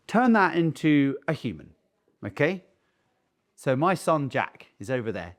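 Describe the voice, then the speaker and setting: A man's voice: mid-range voice, sing-song, moderate pace. A middle-aged man, a dog trainer, talking bluntly and casually, acting out owners calling their dogs. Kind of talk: casual talk to camera.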